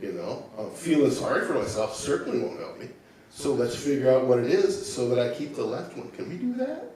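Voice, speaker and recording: A man in his sixties tells his own story to a congregation with calm, unhurried reflection. His voice bounces around a very echoey church room, picked up from some distance off the mic. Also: medium pitch. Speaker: guest speaker. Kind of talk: personal testimony. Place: church sanctuary.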